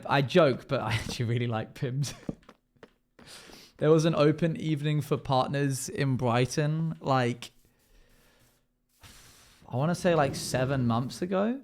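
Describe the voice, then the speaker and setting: A man's voice: a little high, a little mellow. A man chatting casually with his live stream viewers, playful and joking with frequent laughter. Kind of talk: casual livestream chat.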